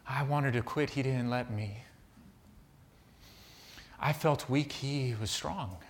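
A man's voice: mid-range voice, slow pace. A man preaching a sermon, telling a personal story and turning it into earnest reflection. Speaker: pastor.

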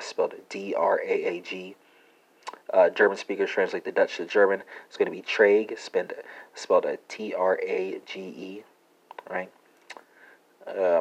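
A man's voice: sits low, low-quality recording. A man hosting a language lesson podcast, talking hesitantly with many fillers and spelling words out letter by letter.

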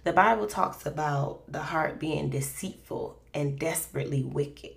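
A woman's voice: low voice, unhurried, vocal fry. A woman hosting a faith podcast, telling a personal story in a rambling, conversational way full of fillers. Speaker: podcast host.

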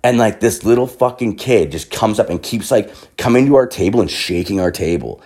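A man's voice: lowish voice, animated, a little fast, darkish tone, slightly rough. A young man telling a long story in a rambling, profane way, full of swearing and fillers, a bit hungover.

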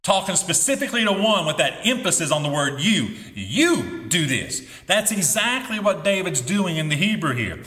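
A middle-aged pastor preaches emphatically in a high, sharp voice, animated and a little fast with few pauses, his delivery rising into exclamations on key phrases. The recording has the long reverb of an echoey hall.

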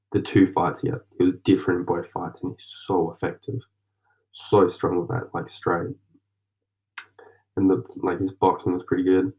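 Young Aussie guy, very low and flat, journaling aloud, rambly and slangy. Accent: Australian. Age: young adult. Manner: rambling, slangy, drifts into whispers. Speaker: vlogger journaling. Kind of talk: casual late-night monologue. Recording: dull lo-fi mic.

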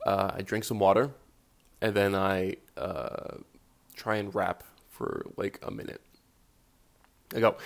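A man's voice: lowish voice, fairly even intonation, normal speed, gravelly, pauses often. A man hosting a casual solo podcast, with a groggy morning voice, self-deprecating and swearing casually. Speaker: podcast host.

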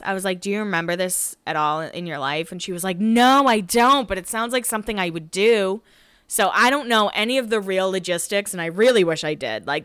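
Bright, chatty young woman podcaster. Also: medium pitch, clear, resonant tone, no room sound, clean studio sound. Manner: chatty, gossipy, swears freely and acts out quotes. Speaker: podcast host recapping a reality show. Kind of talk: casual solo podcast recap.

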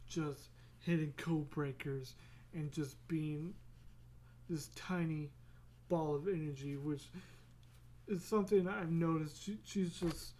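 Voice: mid-range voice, slow, pauses often, mellow. A podcast host talking in a loose, rambling way, laughing often and restarting words as they go. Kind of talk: casual rambling solo podcast.

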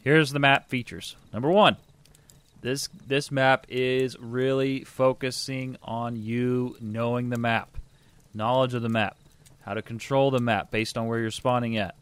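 A man's voice: mid-range voice, steady tone, unhurried, a bit bright, smooth, no room sound. Man, podcast co-host, casual gaming chat, upbeat, reads news aloud.

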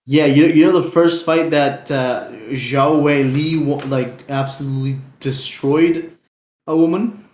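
A man's voice: on the high side, fairly even intonation, unhurried, darkish tone, echoey room. A young man co-hosting a casual, unplanned podcast, rambling in slang, swearing freely and laughing often. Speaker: podcast co-host.

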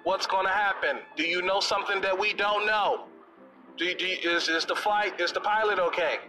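A high-voiced man telling a comic story, animated and slangy, piling on exaggeration. His pitch swings up and down as he acts out his fears. Music plays beneath him the whole time. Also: fairly quick, poor audio. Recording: music playing under the voice.

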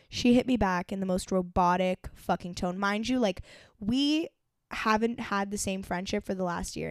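A woman's voice: medium pitch, clean tone, dry recording, studio quality. A woman in her twenties co-hosting a casual podcast, telling a personal story candidly and emotionally, with lots of fillers and swearing. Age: 20s. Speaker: podcast co-host.

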